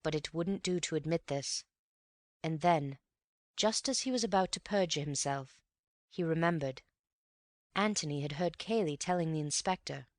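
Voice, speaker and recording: A woman narrating an audiobook in an even, measured storytelling manner. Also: deep voice, dry recording, studio quality. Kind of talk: scripted narration.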